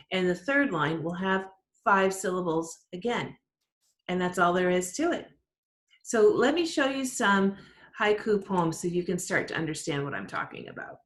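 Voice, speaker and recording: A woman's voice: fairly low pitch, fairly bright tone. Upbeat teacher woman in a roomy space. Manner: upbeat, encouraging, explains slowly. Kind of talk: online class lesson. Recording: roomy echo.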